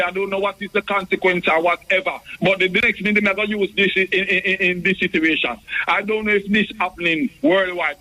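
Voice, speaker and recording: A man's voice: sits high, sharp tone. A man with a Jamaican accent calling in to a radio show, rambling and repeating himself with many stumbling restarts, heard over a tinny phone line. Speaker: radio call-in caller. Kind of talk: rambling phone-in chat in patois.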